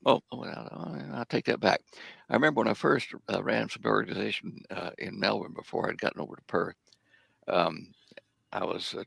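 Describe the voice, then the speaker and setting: A man's voice: sits low, creaky, fairly bright tone, slightly rough, no room sound. An older man, a guest in an interview, telling long stories with many hesitations. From United States. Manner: rambling anecdotes full of hesitations. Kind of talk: casual storytelling in an interview.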